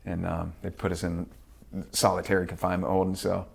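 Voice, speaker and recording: Gravelly, low-voiced man telling a story. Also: brisk. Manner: profane, lively storyteller who acts out quotes. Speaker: interview guest. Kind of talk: casual storytelling interview.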